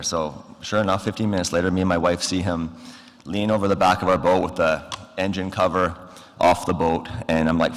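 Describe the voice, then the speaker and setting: A man with a very deep, low voice and a Canadian accent speaks at a memorial service. He tells his stories haltingly, with many fillers, and acts out the phone calls. His voice carries a long reverb from the large hall around the podium microphone. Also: fairly even intonation. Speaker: eulogy speaker. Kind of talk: memorial speech, storytelling.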